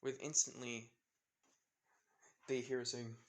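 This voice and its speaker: A man's voice: mid-range voice, steady tone, normal speed, a bit bright. A man telling an improvised fan-fiction story, rambling with fillers and restarts.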